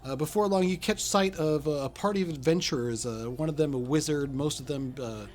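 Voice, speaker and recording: Game master guy, kinda high voice, halting, faint music behind. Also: a little mellow, slight background noise. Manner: halting, lots of uh's and restarts. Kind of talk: narrating a tabletop game.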